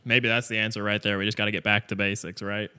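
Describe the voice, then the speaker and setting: A man's voice: fairly low pitch, level tone, fast, bright, forceful tone, clear, resonant tone. A man co-hosting a podcast in casual chat, laid-back and reflective. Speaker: podcast co-host.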